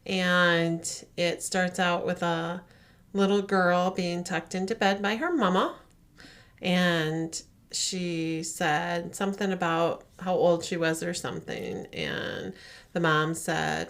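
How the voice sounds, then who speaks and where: A podcast co-host with a low-leaning voice and slow pace animatedly retells a horror short, acting out the characters' voices.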